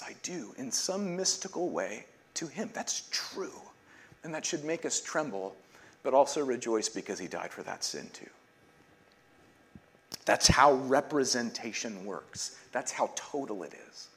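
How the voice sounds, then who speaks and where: A man's voice: mid-range voice, animated, measured pace, fairly bright tone. A man preaching a sermon as pastor, earnest, leading a call-and-response prayer and dropping to near-whispers to stress a point.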